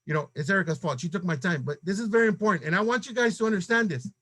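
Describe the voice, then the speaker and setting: Middle-aged male team leader, high and sharp-toned, urgent motivational speaker. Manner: urgent, exhorting, rapid-fire rhetorical questions. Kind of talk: motivational pep talk to a team.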